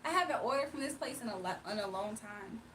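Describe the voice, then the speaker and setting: A woman's voice: on the high side, lively intonation, fast talker, a bit bright, recorded from a distance, a little hiss or hum. A woman from Virginia hosting a casual livestream, chatting loosely and reading out viewer comments. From Virginia, USA. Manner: chatty, laughs often, reads chat aloud. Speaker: livestream host.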